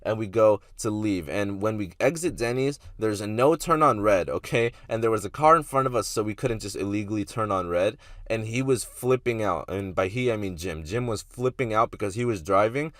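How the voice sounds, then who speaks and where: A man's voice: on the low side, fairly quick, few pauses, fairly bright tone, no echo, clean studio sound. A young man casually telling a story to his vlog audience, laid-back and slangy, swearing freely. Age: young adult. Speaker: vlogger.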